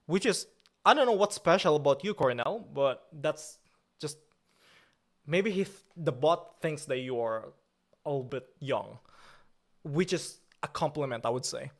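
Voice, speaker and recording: Male livestream host, slightly high voice, chatty, reads out chat, gets annoyed then cools down. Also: unhurried. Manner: irritable, then forces himself calm and joking.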